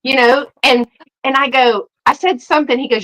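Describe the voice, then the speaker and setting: A woman's voice: a little high, a little fast, rough recording. A middle-aged woman hosts a live sale, telling a story in casual chat, acting out quotes with a laugh in her voice. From Southern United States. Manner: animated, acts out quotes, laughs often.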